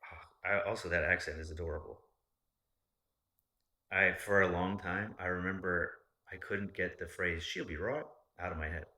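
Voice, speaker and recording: A man with a low, deep voice that still has a forceful, bright edge. He talks casually as a podcast host, rambling and swearing freely, with an animated delivery. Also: moderate pace. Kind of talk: casual chat.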